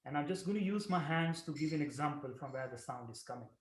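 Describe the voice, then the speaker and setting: A man teaching breathing and throat-center chanting, giving calm explanations between long, projected chanted syllables. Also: on the high side, fast talker, roomy sound. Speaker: yoga and meditation teacher. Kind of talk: guided breathing and chanting instruction.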